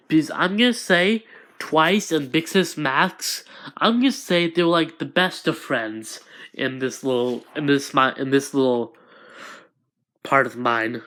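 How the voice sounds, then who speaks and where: Male fan-story narrator, slow, hesitant, improvised. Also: medium pitch, a bit bright. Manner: hesitant, restarts often.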